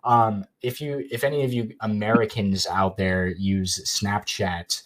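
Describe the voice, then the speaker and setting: A young man with a fairly low voice chats casually as a podcast guest. He tells long, rambling stories full of "like" and "you know," acting out both sides of his conversations. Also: steady tone, measured pace. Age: young adult. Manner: rambling storytelling with many fillers. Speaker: YouTuber guest.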